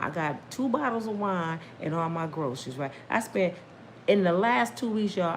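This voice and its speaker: A middle-aged storyteller vlogger tells her viewers a personal story, speaking straight to them in a casual, emphatic way. She breaks into religious exclamations, and her voice climbs high when she gets worked up. A little hiss or hum sits in the background.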